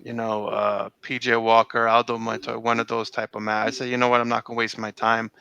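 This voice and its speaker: A man's voice: medium pitch, monotone, brisk, gravelly, bright, forceful tone, clear, resonant tone, no room sound, dull audio. A middle-aged man recalling old times in a casual interview, rambling with many fillers and restarts. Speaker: interview guest.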